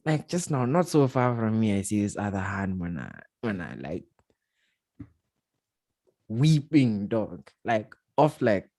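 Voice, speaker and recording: A man's voice: lowish voice, slow, pauses often, no echo, studio quality. A man hosting a casual podcast chat, telling stories with lots of slang and laughter. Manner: animated storytelling with slang and laughter. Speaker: podcast host.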